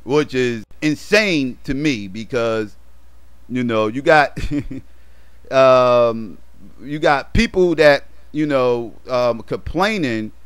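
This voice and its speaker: A man giving a heated, profane rant in a movie review vlog, repeating himself emphatically and building to shouts. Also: medium pitch, smooth.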